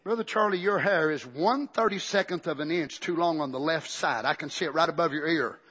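A man preaching a fiery Pentecostal sermon, swinging from shouts to hushed near-whispers. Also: a little high, brisk, breathy edge, highs cut off.

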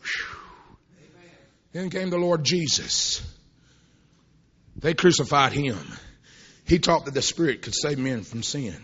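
A man preaching a sermon, peppering his talk with "amen" and swinging from hushed storytelling to shouted exclamations. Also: fairly high pitch, lively intonation, measured pace, pauses often, husky. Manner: peppered with "amen", folksy grammar. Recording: dull lo-fi recording.

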